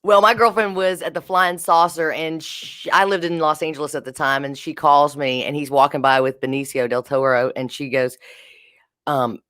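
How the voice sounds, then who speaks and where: A woman co-hosting a radio show, telling stories and reading promos in a brisk, conversational way. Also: deep voice, steady tone, fairly bright tone, no room sound, clean studio sound. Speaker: radio co-host. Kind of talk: casual talk radio. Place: radio studio.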